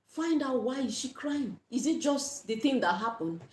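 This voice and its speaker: Woman parenting coach, livestream teacher, slightly high voice, earnest, echoey room sound. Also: animated, normal speed. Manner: earnest, repeats key points, blesses viewers.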